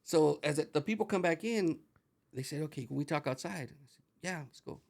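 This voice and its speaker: A middle-aged man telling a profane, animated story as an interview guest, slipping into Spanish phrases as he acts out the dialogue. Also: on the high side, brisk, creaky. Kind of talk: casual storytelling.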